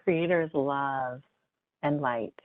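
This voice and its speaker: Woman, hypnotist, slow soothing guidance, dry close sound, narrow phone-like audio. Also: very deep voice, dry recording. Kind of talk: guiding a hypnosis session. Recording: dry phone-like call line.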